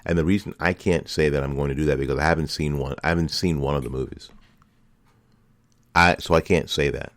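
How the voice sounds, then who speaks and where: Deep-voiced impassioned male commentator. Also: steady tone, fairly quick, fairly bright tone, no room sound. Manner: impassioned, repetitive rhetorical questions. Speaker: political commentary host. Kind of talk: opinion monologue.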